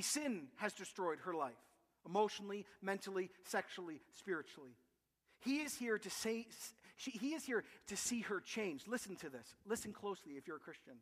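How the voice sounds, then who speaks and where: A man preaching a sermon as pastor, animated and emphatic, with vivid comparisons. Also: high voice, big-room sound.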